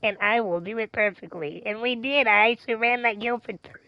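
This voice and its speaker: A woman's voice: on the high side, fairly quick, no echo. Rambling, profane woman streamer on a dull mic. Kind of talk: casual storytelling chat.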